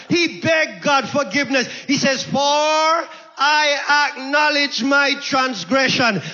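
A man's voice: very high-pitched, bright, forceful tone, in a large hall, highs cut off. A man preaching a sermon in a church, impassioned, repeating phrases and calling out to the congregation.

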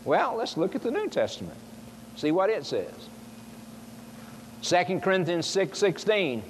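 A man's voice: sits high, sing-song, normal speed, long pauses. Preaching man in a reverberant hall. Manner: emphatic, rhetorical questions to the congregation. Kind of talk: sermon. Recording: long hall reverb, faint noise.

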